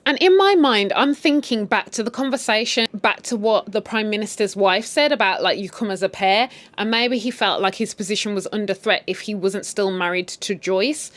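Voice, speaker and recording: A woman's voice: medium pitch, steady tone, normal speed, few pauses, a bit bright. A woman casually recapping a TV series, with sassy, opinionated asides. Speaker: recap host. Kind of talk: casual story recap with commentary.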